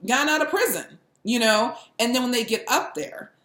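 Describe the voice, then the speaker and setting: A young adult woman hosting a casual political chat, animated and laughing, often mimicking people. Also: on the high side, normal speed. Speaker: podcast host. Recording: echoey room.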